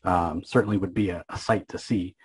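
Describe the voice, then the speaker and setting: Man, casual comic recap, husky voice, lowish pitch, rambling, opinionated. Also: steady tone, a little fast, low-quality recording. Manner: rambling, opinionated, many fillers. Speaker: comic book recap host.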